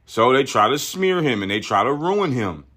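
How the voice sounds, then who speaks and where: A man's voice: mid-range voice, sing-song, normal speed, a bit bright, husky. Ranting, profane male podcast host. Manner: profane, ranting, stumbles and repeats words. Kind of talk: opinionated political commentary.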